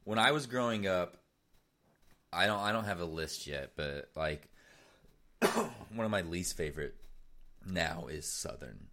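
A man with a very low voice and a bright, forceful edge, talking loosely on a podcast. He laughs easily and swears freely in casual chat. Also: lively intonation, a little slow, long pauses. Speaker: podcast co-host.

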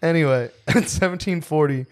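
A man's voice: on the high side, brisk. A young man co-hosting a podcast in casual chat, joking around and laughing often. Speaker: podcast co-host.

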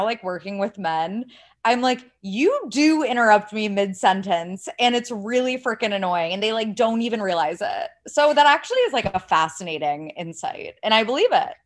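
A young woman from Ohio, a podcast guest chatting casually with lots of "like" and a strong vocal fry, talking without a proper microphone. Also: fairly low pitch. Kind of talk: casual chat. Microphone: no proper mic, raw setup.

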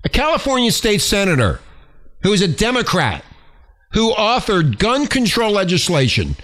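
A man hosts a talk show, raging and cursing as he reads out a story. His voice sits high and bright, and his pitch leaps around as he shouts. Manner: angry, shouting, profane ranting. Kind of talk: ranting talk show commentary.

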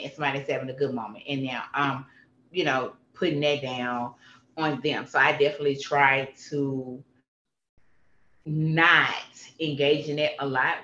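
A guest speaking candidly in a bright, forceful voice, leaning on repeated phrases for emphasis. The sound is roomy and a little dull, like an untreated room. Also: medium pitch. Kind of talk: candid personal conversation.

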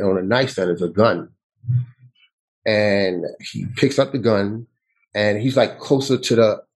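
A man, telling a personal story as an interview guest, with halting speech that often restarts and repeats. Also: mid-range voice, breathy edge, rough recording. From New York City. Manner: halting, with frequent restarts and repetitions.

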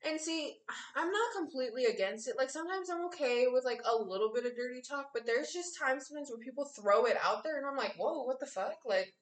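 A woman's voice: high-pitched, lively intonation, brisk. A young woman co-hosting a podcast, chatting frankly with laughing banter. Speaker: podcast co-host. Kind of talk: casual chat. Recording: echoey room.

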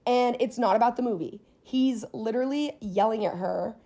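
A young woman hosting a podcast, chatting casually and telling stories in an animated way, swearing freely. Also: on the high side, normal speed. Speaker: podcast host. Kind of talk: casual chat.

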